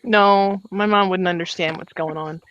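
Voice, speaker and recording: Woman, bright tone, candid, laughing, casual group chat. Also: fairly low pitch, fairly even intonation, normal speed, dry recording, muffled recording. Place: home.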